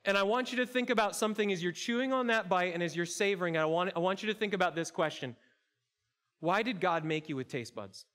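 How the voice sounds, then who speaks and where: A high-pitched male pastor delivers his sermon in a church auditorium. He's playful and interactive, talking straight to the people in the seats. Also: fast talker, a bit bright. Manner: playful, interactive, addresses congregation directly. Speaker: campus pastor.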